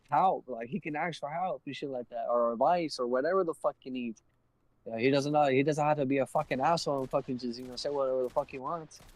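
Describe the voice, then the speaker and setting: A man's voice: mid-range voice, no room sound, low-quality recording. A young man on a live stream, telling a heated story full of swearing and acting out both sides of an argument. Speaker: livestreamer.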